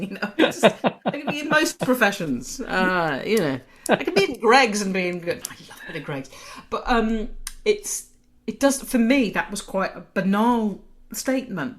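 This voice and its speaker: A woman's voice: medium pitch, fairly bright tone. A middle-aged woman interviewing in casual conversation, chatty with self-deprecating humour.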